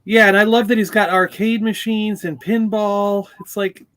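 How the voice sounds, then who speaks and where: A man's voice: sits high, flat delivery, normal speed, fairly bright tone, low-quality recording. A man in his fifties hosting a livestream video chat, telling stories and laughing often. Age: 50s. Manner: chatty storyteller, laughs often. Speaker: livestream host. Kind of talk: casual group video chat.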